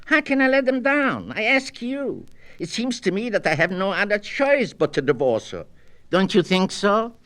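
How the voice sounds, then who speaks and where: A man's voice: high voice, very animated, normal speed, fairly bright tone, pitched above the performer's own voice. A man voicing a fretful married man who pleads and protests as he asks for advice, in a storybook reading. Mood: agitated. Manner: agitated, pleading and indignant.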